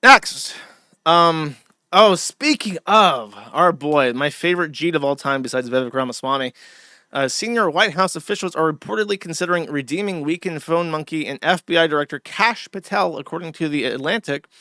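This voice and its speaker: Male streamer, sarcastic, swearing often, slightly high voice, dry close mic. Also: animated, brisk, pushed and bright, no echo. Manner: profane, sardonic ranting. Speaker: streamer host. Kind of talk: live-stream commentary.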